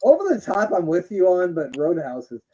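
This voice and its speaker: A young man co-hosting a casual podcast, talking over wrestling footage with easy laughter and jokey asides. His voice is fairly high and mellow, and it swings around a lot in pitch. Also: normal speed, husky, low-quality recording. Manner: laughing, joking, animated with crude impressions. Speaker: podcast co-host. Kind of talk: casual chat while watching wrestling.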